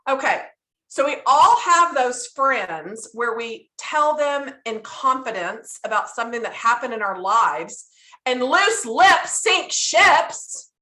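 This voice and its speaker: A woman's voice: on the high side, expressive, unhurried, bright, forceful tone. A woman sharing a story on a team call, setting it up in a playful, teasing way. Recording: roomy echo.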